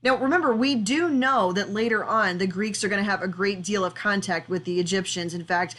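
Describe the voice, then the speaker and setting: A woman's voice: mid-range voice, a little fast, a bit bright. Conversational woman giving an art history lecture. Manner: conversational, explanatory, with frequent fillers. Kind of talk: recorded classroom lecture.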